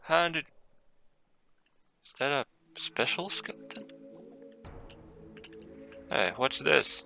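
Gravelly, swearing man playing a game. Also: medium pitch, lively intonation, slow pace, pushed and bright, faint music behind. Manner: swears often, frustrated outbursts, reads item text aloud. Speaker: let's play gamer. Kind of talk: casual gameplay commentary.

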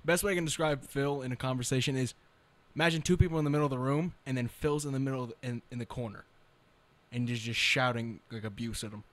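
A young man co-hosting a casual podcast chat, blunt and profane with quick retorts. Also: medium pitch, a bit bright. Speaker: podcast co-host.

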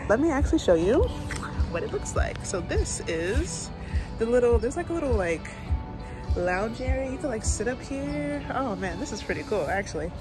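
A woman's voice: on the high side, sing-song, normal speed. Chatty young woman vlogging over music. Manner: chatty, laughs often, slangy. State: out of breath. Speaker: streamer vlogging a trip. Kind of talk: casual travel vlog.

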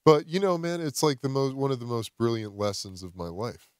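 A man, a podcast guest, telling a personal story outdoors in casual chat, animated and swearing freely. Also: mid-range voice, fairly quick, clean tone, no room sound, studio quality. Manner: animated, swears a lot, acts out quotes. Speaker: podcast guest, former football player.

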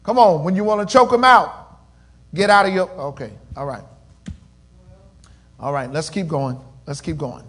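A man preaching a sermon in call-and-response style, swinging between loud swells and quiet murmurs. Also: fairly high pitch, moderate pace, pauses often. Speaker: pastor.

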